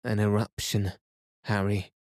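A man voicing an unflappable older professor who speaks in a calm, measured, slightly provoking way. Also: on the low side, no echo, studio quality, close to an everyday voice.

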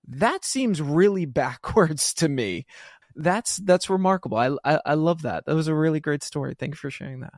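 A man's voice: a little high, expressive, moderate pace, darkish tone, dry recording. Enthusiastic podcast host man, dry close sound. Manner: enthusiastic, rambling, with many fillers and restarts. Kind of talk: conversational interview.

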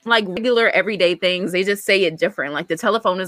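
An enthusiastic woman co-hosts a casual talk show. Her chat is full of fillers and excited stresses, and the sound is close and dry. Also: mid-range voice, fast talker, no room sound. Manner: enthusiastic, chatty, many fillers. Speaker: co-host.

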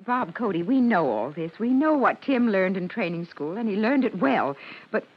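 A woman's voice: medium pitch, very animated, normal speed, breathy edge. An actress playing an emotional, motherly middle-aged woman in a 1940s radio drama. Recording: dull old radio recording.

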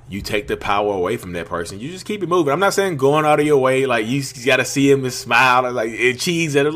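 A man's voice: medium pitch, lively intonation, fast talker, few pauses, fairly bright tone. A man giving informal advice in a casual, conversational monologue, full of slang and frequent "you know what I mean?" tags. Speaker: vlogger and podcaster.

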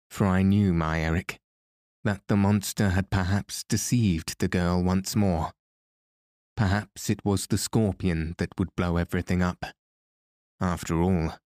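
A man narrating an audiobook in a measured, grave storytelling manner. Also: low voice, fairly even intonation, a little mellow, no room sound, studio quality. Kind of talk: scripted narration.

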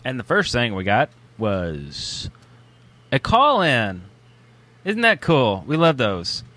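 Goofy man with a lively, bright voice. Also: medium pitch, slow, no echo. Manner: goofy, playful, laughs often. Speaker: podcast co-host. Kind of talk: casual banter.

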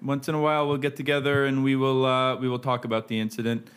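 A man improvising a comic story in a deadpan way, building the absurdity and laughing at himself. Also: mid-range voice, fast, clear, resonant tone.

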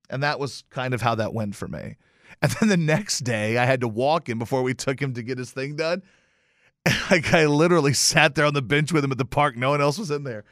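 A male radio host telling a casual story with lots of swearing and sudden loud exclamations. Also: on the high side, brisk, no room sound, clean studio sound. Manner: animated, profane, bursts into loud exclamations. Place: radio station studio.

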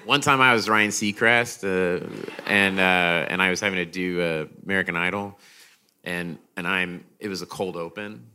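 A man telling animated stories as a guest on a live podcast, acting out what people said. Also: low voice, moderate pace, clean tone. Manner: animated, jumpy, acts out quotes. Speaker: guest comedian. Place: live stage in front of an audience.

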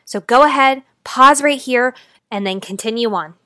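High-voiced woman life coach on a podcast. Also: no echo, studio quality. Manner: dramatic shifts between fast loud and slow quiet delivery.

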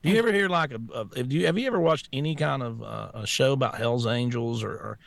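A man's voice: mid-range voice, fast, vocal fry, crowd noise. A man co-hosting a casual political talk show, blunt and mocking, often stammering as he restarts. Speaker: co-host.

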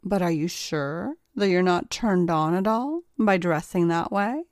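A woman's voice: on the low side, lively intonation, a little mellow, no room sound, studio quality. Woman playing a smug, teasing female lawyer. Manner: slow, coolly teasing.

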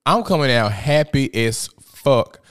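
Man, young adult, casual podcast host, animated pitch swings, mid-range voice. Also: a little slow, clear, resonant tone. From Memphis, Tennessee. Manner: animated, profane storytelling with sudden high-pitched outbursts. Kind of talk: casual profane chat.

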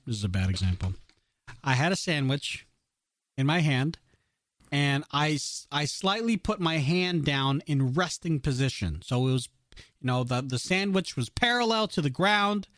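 A man co-hosting a casual podcast, telling a story with many restarts and lively quoted voices. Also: on the high side, normal speed, no room sound, clean studio sound. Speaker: podcast co-host.

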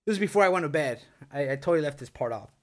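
A man's voice: fairly high pitch, expressive, racing. A middle-aged man telling a spooky story on a podcast, rambling and swearing, full of likes and dudes. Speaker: podcast co-host. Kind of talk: casual storytelling among friends. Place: indoor podcast setup.

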